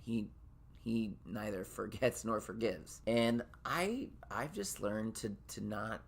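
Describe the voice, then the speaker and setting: Male podcast host, low gravelly voice, loose rambling delivery. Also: slow pace. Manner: rambling, with many restarts and fillers. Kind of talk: casual monologue.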